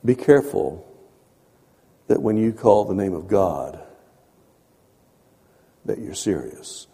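Preacher man with a dark voice in a reverberant hall. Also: low voice, expressive, takes it slowly, gravelly, slightly rough. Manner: conversational, repeats phrases, swings from soft to emphatic. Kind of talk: sermon.

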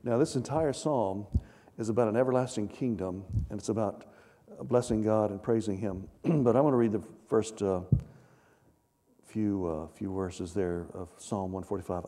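A man's voice: on the low side, moderate pace, mellow, big-room sound. A man preaching a sermon, reading scripture aloud with rising emphasis and asking his listeners questions. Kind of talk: sermon, Bible teaching.

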